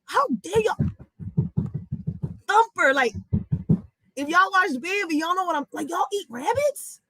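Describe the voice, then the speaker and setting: A woman's voice: extremely high pitch, moderate pace, dry recording, rough recording. A woman giving casual reaction commentary, telling stories in a blunt, profane and emphatic way. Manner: animated, emphatic. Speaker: reaction vlogger.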